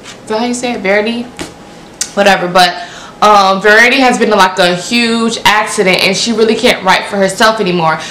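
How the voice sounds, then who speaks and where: Chatty, bright-voiced young woman reviewing books. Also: medium pitch, fairly quick, roomy sound, a little hiss or hum. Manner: animated, repeats herself, lots of "like". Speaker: book reviewer. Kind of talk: casual book review vlog.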